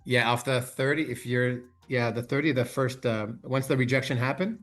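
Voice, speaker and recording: Bright-voiced, slangy stream host man. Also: medium pitch, fairly even intonation, faint music behind. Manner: loose, slangy banter with quick laughs. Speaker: host of a live trading stream. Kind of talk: casual chat while trading.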